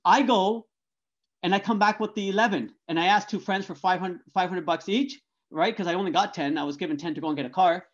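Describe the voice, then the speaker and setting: A middle-aged man gives a lecture talk, telling animated stories. He stumbles through restarts and keeps checking in with tag questions. His voice sits high for a man, and the audio is dull and lo-fi. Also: fairly quick. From Canada. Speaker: guest speaker.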